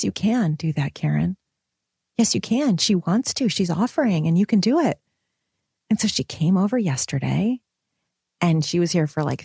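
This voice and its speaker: Thirties woman vlogger, animated and chatty, husky tone, dry recording. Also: medium pitch, no echo. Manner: animated, expressive, swings between excited and soft. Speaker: mom vlogger and women's coach. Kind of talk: casual personal vlog.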